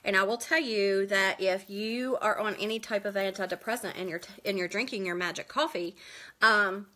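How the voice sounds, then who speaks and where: Bright, bubbly woman hosting a makeup live stream. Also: medium pitch. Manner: bubbly, quick, greets viewers by name and laughs often. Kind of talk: chatty live makeup tutorial. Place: at home indoors.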